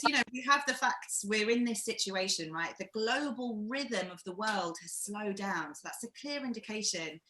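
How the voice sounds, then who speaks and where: A woman from England leading a live-streamed acting workshop, talking in an encouraging, reflective way with animated emphasis. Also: mid-range voice, echoey room, low-quality recording. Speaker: workshop leader.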